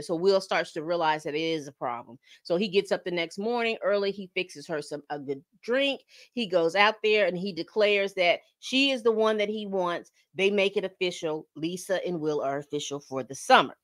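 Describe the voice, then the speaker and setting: A woman's voice: mid-range voice, a little fast. A woman hosting a podcast, casually recapping a TV episode, telling it like a story and acting out the characters' lines. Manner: animated storytelling, acts out quotes, calls listeners "baby".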